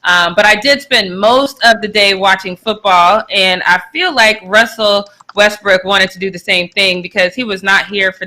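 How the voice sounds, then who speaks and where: A young adult woman co-hosting a live sports talk show, chatting casually and teasing with frequent laughter. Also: medium pitch. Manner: animated, laughs often, playful teasing.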